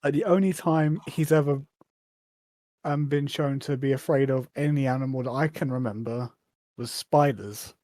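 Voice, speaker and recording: A podcast co-host in casual chat, low-key and dry, repeating jokes back in a slow deadpan. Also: no echo.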